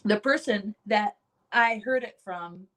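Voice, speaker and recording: A woman chiropractor addresses her peers in a heartfelt motivational talk, her voice sitting at an ordinary middle pitch. She tells stories with sincere conviction and leans on repeated phrases to drive her points home. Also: takes it slowly, fairly bright tone. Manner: earnest, emphatic storytelling; repeats key phrases for emphasis.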